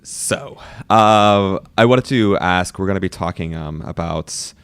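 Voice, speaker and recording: Low-voiced relaxed man hosting a podcast. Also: measured pace, smooth, dry recording, studio quality. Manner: relaxed, full of fillers and teasing. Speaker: podcast host. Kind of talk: casual podcast chat.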